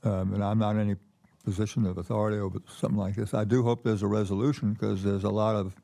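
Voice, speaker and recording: An older man, a keynote guest, telling stories in a relaxed conversational way, often repeating words and pausing with fillers. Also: lowish voice, gravelly. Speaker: keynote guest, former ambassador. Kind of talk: conversational storytelling. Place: conference stage with audience.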